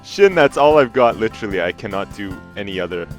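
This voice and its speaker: A man's voice: fairly low pitch, expressive, brisk, faint music behind. A man co-hosting a casual gameplay chat, self-deprecating and mumbling his asides. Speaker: co-host.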